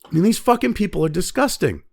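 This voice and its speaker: A man delivers a profane opinion rant, angry and mocking. His fairly high voice swings widely in pitch and carries a gravelly edge. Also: very animated, fast talker, darkish tone. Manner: angry, heavy swearing, mocking quoted voices. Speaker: commentary show host.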